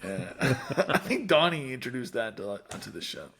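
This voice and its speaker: A male podcast host in casual chat, quick to crack a joke and steer the group along. His voice sits at a middle pitch and sounds plain and relaxed. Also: husky. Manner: joking, wraps up the talk.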